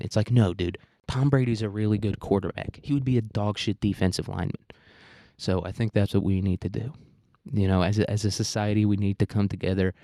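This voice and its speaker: A young man with a rambling, crude, deadpan manner, ranting satirically as a podcast host on a close microphone. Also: lowish voice, no room sound. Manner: rambling, crude, deadpan provocative, many restarts. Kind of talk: satirical comedic rant.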